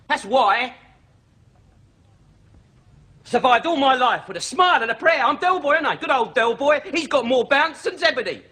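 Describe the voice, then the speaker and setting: A man's voice: extremely high pitch, pushed and bright, heavily acted. An actor playing a middle-aged London market trader who hides his grief behind cocky banter, with a London accent in a TV sitcom scene. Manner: cocky banter turning to gruff anguish. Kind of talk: TV sitcom drama.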